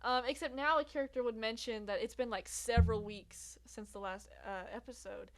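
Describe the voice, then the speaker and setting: A young woman chats through her review of a series outdoors, her voice sitting a little high. She laughs often and wanders through asides and fillers. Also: fairly even intonation, moderate pace. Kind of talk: casual review chat. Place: outdoors in bright sunlight.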